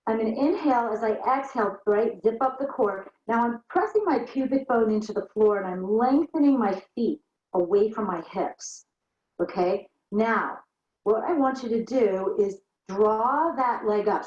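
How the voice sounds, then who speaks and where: A woman's voice: medium pitch, lively intonation, normal speed, darkish tone. A woman teaching a barre workout, counting reps and talking people through the moves while she does them herself, a little out of breath. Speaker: barre fitness instructor. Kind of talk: guided workout instruction. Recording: roomy, dull lo-fi sound.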